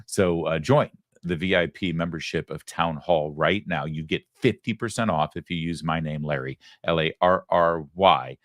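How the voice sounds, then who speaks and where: A middle-aged Michigan man with a deep, fairly bright voice hosts a political talk show, recorded dry at studio quality. His monologue is emphatic and sarcastic, peppered with quick asides.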